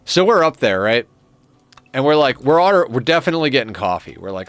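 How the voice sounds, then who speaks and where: A man streams a strategy game and talks casually into a desk microphone, his mid-range voice sing-song, fairly bright, and a little fast, with no echo. He rambles through a story and keeps laughing at it.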